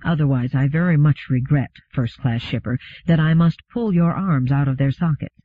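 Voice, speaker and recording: A man voicing a calm, unfailingly polite male humanoid robot who speaks quietly and formally. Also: a little high, moderate pace, dry recording, close to an everyday voice. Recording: phone-like narrow sound.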